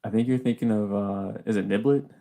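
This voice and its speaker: A man with a low, gravelly voice chats about football players. He talks in an enthusiastic, analytical way, full of fillers. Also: a little fast, dark tone. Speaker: podcast co-host. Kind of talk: casual sports chat.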